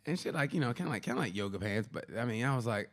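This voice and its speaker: A man co-hosting a casual comedy podcast, telling stories at a fast clip. His pitch swings widely as he rambles through anecdotes, often with a laugh. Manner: animated storytelling, quick and rambling with laughs. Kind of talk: casual chat.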